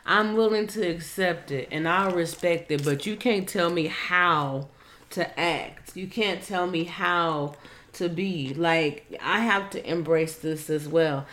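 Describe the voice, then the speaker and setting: A man in casual chat who rambles, corrects himself and throws in quick asides. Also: fairly high pitch, bright, forceful tone.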